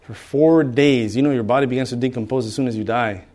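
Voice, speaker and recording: A man's voice: mid-range voice, fast talker, a little mellow. A middle-aged man preaching a sermon in a conversational way, acting out bystanders with humor. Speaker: pastor.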